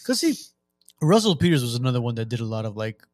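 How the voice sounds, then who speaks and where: A man's voice: mid-range voice, quick pace, dry recording, clean studio sound. A man co-hosting a podcast, chatting casually and retelling a comedian's joke. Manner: relaxed, retells jokes he has heard. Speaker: podcast co-host.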